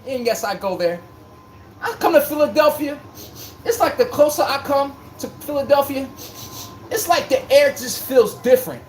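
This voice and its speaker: A man's voice: extremely high pitch, slight background noise. A man hosting a live sports stream, talking in a joking, rambling, slangy way. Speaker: livestream sports podcast host. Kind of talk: casual live-stream chat.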